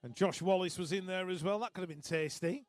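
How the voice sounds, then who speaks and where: A man's voice: high voice, a little fast, dry recording. A man giving live race commentary, chatty and joking between calls.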